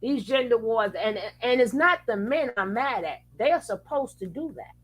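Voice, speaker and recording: A woman's voice: on the high side, lively intonation, moderate pace, husky, low-quality recording. A woman hosting a reaction commentary, speaking angrily with cursing and restarted phrases. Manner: angry, profane, restarts phrases. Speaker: reaction channel host.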